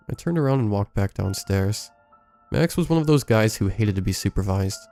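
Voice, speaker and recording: A man reading a first-person scary story aloud in a measured, scripted storytelling delivery. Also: fairly low pitch, animated, warm tone, faint music behind. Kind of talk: scripted horror story narration.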